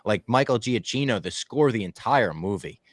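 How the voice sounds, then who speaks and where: A man's voice: fairly low pitch, expressive, normal speed, no echo. A man co-hosting a podcast, talking animatedly through a casual movie review and swearing freely. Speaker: podcast co-host.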